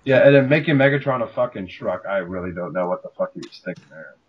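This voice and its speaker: A man's voice: fairly low pitch, lively intonation, fast, slightly rough, highs cut off. A man hosting a podcast, chatting casually in a profane, rambling way. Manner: profane, rambling, breaks into mock voices. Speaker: podcast host. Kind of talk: casual chat.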